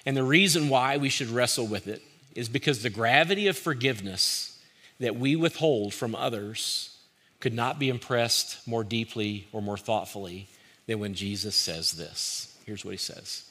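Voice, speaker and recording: A man preaching a sermon, earnest and direct, who rises to forceful emphasis and drops to a hushed, pleading tone. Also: medium pitch, a little slow. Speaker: pastor.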